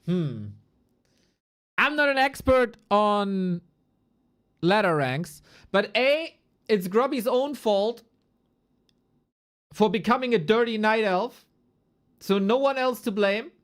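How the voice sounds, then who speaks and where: A woman's voice: medium pitch, animated, takes it slowly, pauses often. A woman esports caster chatting casually on a live stream, loose and playful, swearing and chuckling as she goes through rankings.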